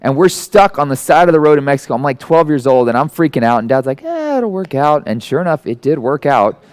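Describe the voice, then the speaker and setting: A man in his forties giving a conversational sermon, animated and self-deprecating, acting out the people he quotes. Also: medium pitch, fast. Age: 40s. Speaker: guest preacher.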